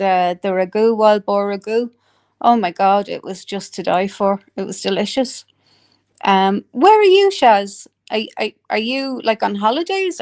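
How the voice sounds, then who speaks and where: An Irish woman chatting casually with viewers on a live stream, swearing freely, laughing a lot and reading out comments. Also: medium pitch.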